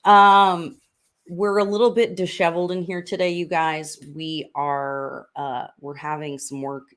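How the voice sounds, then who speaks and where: An upbeat woman talks politics in a casual home chat, chatty and full of fillers. Her voice sits on the low side for a woman. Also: level tone, measured pace, a bit bright. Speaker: podcast host and congressional candidate. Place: room in a house under renovation.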